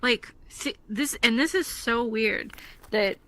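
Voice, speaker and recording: A woman's voice: fairly high pitch, slow pace. A woman co-hosting a podcast, chatting loosely with lots of fillers and easy laughs. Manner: relaxed, filler-heavy, laughs easily. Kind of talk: casual chat.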